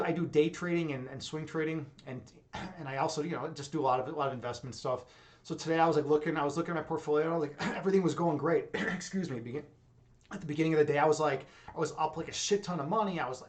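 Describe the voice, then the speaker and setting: A young man from the United States hosting a livestream, chatting casually and reading viewer comments in an intense, rambling way with lots of fillers and swearing. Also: fairly high pitch. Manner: intense, rapid, rambling with many fillers and profanity. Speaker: livestream host.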